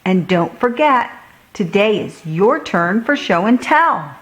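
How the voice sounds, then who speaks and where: A woman's voice: mid-range voice, sing-song, slow. A woman voicing a cheerful mother calling her son in a storybook.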